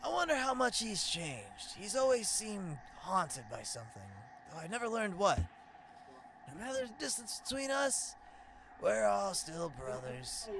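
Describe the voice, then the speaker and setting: A kindly old bug nailmaster, put on by a man with a fairly high voice that climbs and falls a lot and has a gravelly edge. He talks calmly and reflectively, in a wistful tone. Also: noisy background, full character voice. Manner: calm, measured, reflective.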